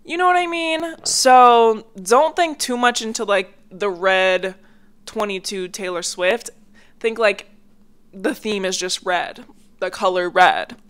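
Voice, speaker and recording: Recording at home near a hallway, a young podcast host rambles chattily through a casual solo episode, leaning on filler words. She speaks slowly in a mid-range, fairly bright voice that's a little congested.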